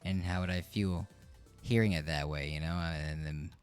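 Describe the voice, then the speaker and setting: Brief: rambling male streamer, lowish voice, faint music underneath. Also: steady tone, moderate pace, clear, resonant tone. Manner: chatty, rambling, self-interrupting. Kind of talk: casual live-stream reaction.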